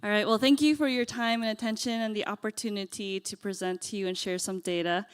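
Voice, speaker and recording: A woman's voice: mid-range voice, smooth. A middle-aged woman giving a friendly, self-effacing presentation on a conference stage. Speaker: conference speaker.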